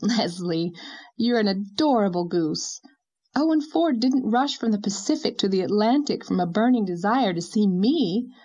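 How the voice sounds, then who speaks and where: A woman's voice: mid-range voice, expressive, a little mellow, voice pushed up, lightly acted. A woman voicing a cheerful young wife who teases her friend in a playfully bossy way. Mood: teasing. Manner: teasing, brisk, playfully bossy. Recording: dull lo-fi recording.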